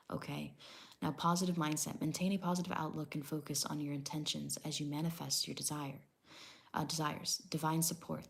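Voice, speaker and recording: Her voice is low and gravelly as she does a laid-back tarot reading, reading number definitions off a tablet. She hedges a lot, repeating "I don't know" and "I'm getting that vibe."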